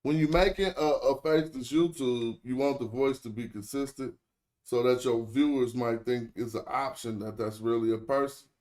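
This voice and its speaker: Man, casual screen-share tutorial, slangy, rambling, self-correcting, mid-pitched voice, chatty with viewers. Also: moderate pace, darkish tone. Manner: loose, rambling, corrects himself mid-sentence. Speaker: online tutorial host.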